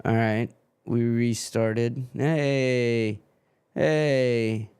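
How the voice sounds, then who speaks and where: A man hosts a live football watchalong, calling play and swearing at a stream that keeps cutting out. He talks slowly in a smooth, clear voice at an average pitch. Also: fairly even intonation, darkish tone. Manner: swearing, grumbling over a freezing stream.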